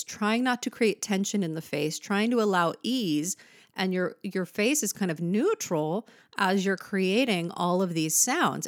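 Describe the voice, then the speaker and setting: A woman's voice: lowish voice, no room sound, studio quality. A woman singing teacher explaining vocal technique to viewers in a patient, explanatory way, posing rhetorical questions.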